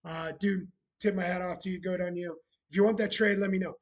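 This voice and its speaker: A man's voice: high-pitched, fairly even intonation, a little fast, rough recording. A man chatting casually on a live stream, sarcastic and talkative, greeting viewers as he goes. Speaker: streamer running a bar roleplay channel.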